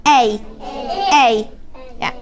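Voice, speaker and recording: A woman with a southern English accent leads a phonics lesson for young children, her voice pitched high. She speaks clearly and encouragingly and slows down to sound words out. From southern England. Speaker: phonics teacher. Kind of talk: classroom phonics teaching. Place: primary school classroom.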